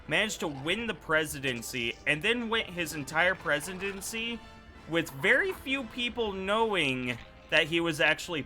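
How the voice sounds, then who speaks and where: A male streamer telling a loose, rambling story while he plays, correcting himself as he goes. His voice is bright and slightly high, with faint music behind. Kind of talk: casual storytelling while gaming.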